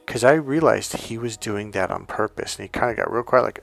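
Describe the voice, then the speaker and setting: A man's voice: medium pitch, fast talker, creaky, few pauses. A male dating and relationship coach telling stories in a casual, rambling monologue full of restarts and asides.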